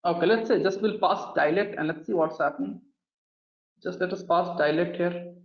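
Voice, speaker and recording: A man's voice: high-pitched, moderate pace. Man teaching code in a roomy, dull recording. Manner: talks through steps while typing, often addresses the class as "guys". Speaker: programming instructor. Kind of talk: live coding lesson.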